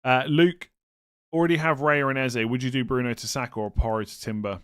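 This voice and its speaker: Young male streamer, mid-range voice, relaxed chat-reading delivery with self-deprecating jokes. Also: mid-range voice, brisk, clean tone. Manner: thinks aloud, reads chat, self-mocking humor. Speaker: streamer answering viewer questions. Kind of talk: casual live stream chat.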